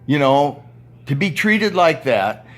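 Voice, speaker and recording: A man's voice: a little high, big pitch swings, takes it slowly, a bit bright. Profane, ranting older man in his seventies. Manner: blunt, profane, ranting, with heavy swearing. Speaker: retired power plant worker and former union steward. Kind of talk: angry monologue vlog. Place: indoor room at home with TV and fan.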